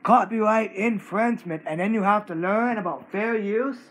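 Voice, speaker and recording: A man's voice: sits high, moderate pace, a bit bright, rough recording. A man ranting to camera as the channel owner, scolding someone in short, repetitive bursts. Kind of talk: angry rant to camera.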